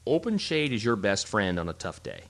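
A man with a somewhat low voice talks through his photo shoots in casual podcast chat. He explains in an animated, rambling way, often restarting sentences. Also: a little fast.

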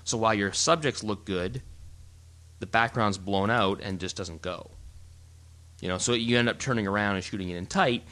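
A man with a somewhat low voice talks through his photo shoots in casual podcast chat. He explains in an animated, rambling way, often restarting sentences. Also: moderate pace.

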